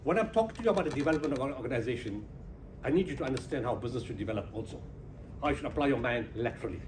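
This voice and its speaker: A man giving a humorous motivational speech to a business audience, telling animated stories, acting out dialogue and laughing at his own jokes. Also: mid-range voice, rapid-fire, background noise. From South Africa. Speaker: keynote speaker, humanitarian founder. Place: conference hall before a business audience.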